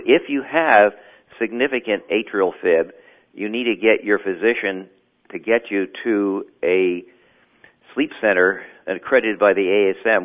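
A man explaining sleep medicine as an interview guest, measured and clinical. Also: low-pitched. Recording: tinny phone line.

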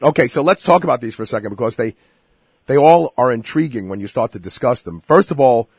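A man's voice: medium pitch, animated, fast, darkish tone, husky, dry recording, clean studio sound. A man hosting a radio health interview, talking emphatically and speaking straight to his listeners. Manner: emphatic, direct address to listeners. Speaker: radio show host.

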